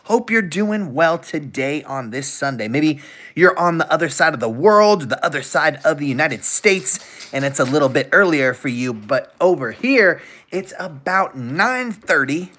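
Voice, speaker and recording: Upbeat live-stream host with lively pitch. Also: measured pace. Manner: upbeat, thanks viewers, laughs often. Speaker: livestream host. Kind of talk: casual live-stream chat.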